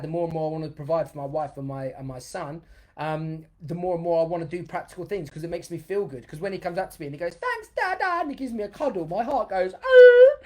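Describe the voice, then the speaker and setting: A man, a dance educator hosting a live-streamed motivational workshop, chatty and energetic, reading viewer comments aloud as he goes. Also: on the high side. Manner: bursts into loud cheers for emphasis.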